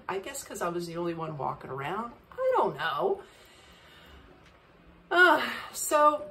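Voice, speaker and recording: A woman's voice: medium pitch, recorded from a distance. A woman hosting a podcast, telling a travel story in a chatty way and acting out the dialogue. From United States. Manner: animated, chatty, acts out dialogue. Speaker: podcast host.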